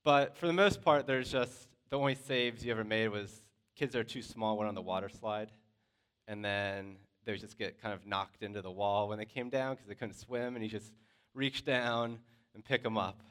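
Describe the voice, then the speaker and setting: A man telling a personal story to a class in a lively, conversational way, with lots of filler words. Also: lowish voice, normal speed, clean tone.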